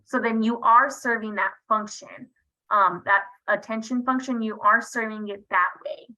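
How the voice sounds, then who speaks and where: Female workshop presenter, higher voice, bright and forceful, chatty and informal, often asks "right?", video-call mic. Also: fairly even intonation, normal speed, rough recording. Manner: conversational, checks in with frequent "right?". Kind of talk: online workshop teaching. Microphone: video call computer mic.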